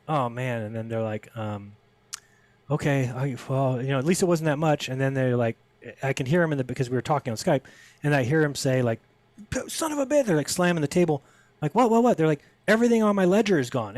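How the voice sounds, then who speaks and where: A man's voice: mid-range voice, a little mellow, no echo. A man as a podcast guest, telling a story in casual conversation and acting out the people he quotes with a raised voice.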